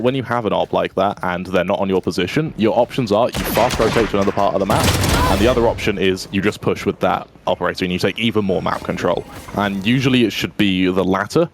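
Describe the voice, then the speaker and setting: Low-voiced British male game analyst. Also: gravelly. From Britain. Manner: analytical, measured colour commentary. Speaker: esports caster. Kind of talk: live game commentary. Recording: noisy stream audio with game sounds.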